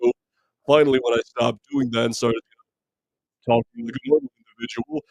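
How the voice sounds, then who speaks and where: A man with a naturally deep voice chats on a live movie stream, answering viewer comments in a relaxed, meandering way. His pitch sits in the middle range for a man. The sound is dry and close, with no room echo. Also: brisk, creaky. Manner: relaxed, rambling, many fillers and restarts. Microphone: streaming mic.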